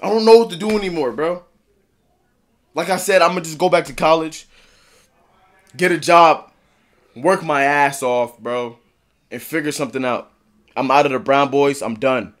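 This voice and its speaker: A young man in his twenties, a content creator, ranting in a distraught vlog that swings from low muttering to loud shouting. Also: fairly even intonation, measured pace, long pauses. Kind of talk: emotional vlog rant.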